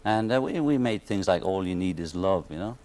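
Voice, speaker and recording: A man's voice: low-pitched, lively intonation, a little fast, a little mellow. A man from Liverpool with a Liverpool accent, a guest on a television talk show, chatting in a wry, joking way and laughing often. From Liverpool, England. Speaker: guest musician. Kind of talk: casual talk show chat. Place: television studio set.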